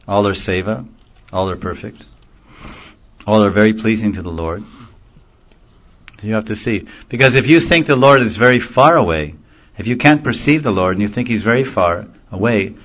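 A man teaching a devotional sermon in a gentle storytelling manner, chuckling now and then at his own jokes. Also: on the low side. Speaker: spiritual teacher. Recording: dull lo-fi recording.

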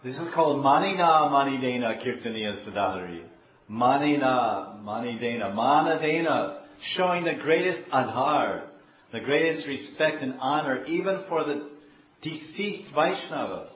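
A man preaching a devotional sermon, telling stories in an animated way, repeating himself and questioning the audience. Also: fairly high pitch, unhurried. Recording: dull echoey room, faint hiss.

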